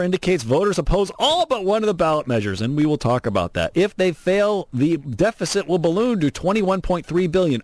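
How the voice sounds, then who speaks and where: A man hosting an opinionated political talk radio show from Southern California, animated, sarcastic and emphatic. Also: medium pitch, no echo. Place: radio studio.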